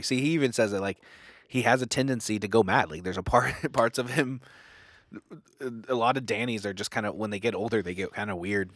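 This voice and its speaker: A man's voice: lowish voice, brisk, a bit bright, no echo. Young man rambling about a book. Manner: rambling, many fillers and restarts, reads passages aloud. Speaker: book discussion co-host. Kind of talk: casual book discussion.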